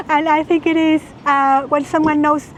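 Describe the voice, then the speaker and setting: High-voiced woman, measured. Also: slight background noise. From Mexico. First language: Spanish. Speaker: interviewee, academic. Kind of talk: casual interview.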